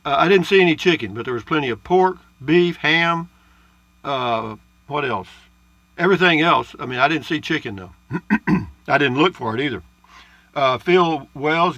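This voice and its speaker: Sitting in his travel trailer, an RV vlogger reads viewer comments in a casual chat, folksy and rambling, with frequent "uh"s and asides. His voice is mid-range and fairly bright, at normal speed, with no echo.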